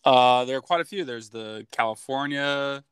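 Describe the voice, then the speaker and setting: A man co-hosting a casual car podcast, easygoing and quick to laugh things off. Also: medium pitch, a bit bright, a little hiss or hum. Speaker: podcast co-host. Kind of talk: casual chat.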